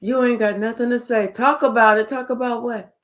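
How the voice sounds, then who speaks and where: A woman with a high, bright voice delivers a tarot reading monologue. She is blunt and emphatic, swears freely and keeps firing rhetorical questions at her listener. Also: fairly even intonation, fairly quick, heavy background noise. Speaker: tarot reader.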